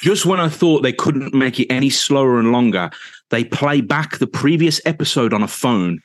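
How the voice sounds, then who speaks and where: A man's voice: mid-range voice, animated, normal speed, dry recording. A man in casual podcast chat, grumbling and ranting with plenty of swearing. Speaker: podcast co-host.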